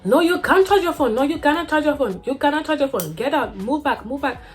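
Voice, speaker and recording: A woman's voice: high voice, animated, brisk, faint music behind, voice pushed up. A young woman voicing a rude male cab driver who curtly refuses and shoos people away. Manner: barking, dismissive.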